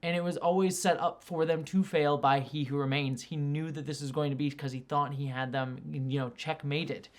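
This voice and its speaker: A woman hosting her own review channel, talking casually through a show's finale. She rambles with lots of fillers and acts out quoted lines in quick, lively bursts. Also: deep voice. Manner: rambling, filler-heavy, animated when excited. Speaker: film and TV reviewer, channel host. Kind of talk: casual video review commentary.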